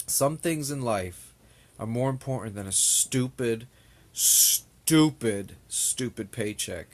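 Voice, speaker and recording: A man's voice: medium pitch, animated, slow pace. A young man ranting to camera, exasperated and repetitive, with an annoyed, rambling manner. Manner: exasperated, ranting, repeats himself. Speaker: vlogger.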